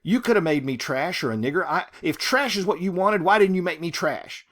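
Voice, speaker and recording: A man reading aloud as an indignant, self-righteous churchgoing woman who shouts her outrage at God, his voice raised higher and louder. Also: expressive, brisk.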